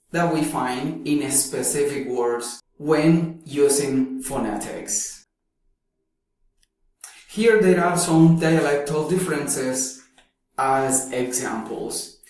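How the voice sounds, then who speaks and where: Male lecturer, deliberate, repeats words, very slow delivery. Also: medium pitch, darkish tone. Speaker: teacher. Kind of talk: recorded slide lecture. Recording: very echoey room.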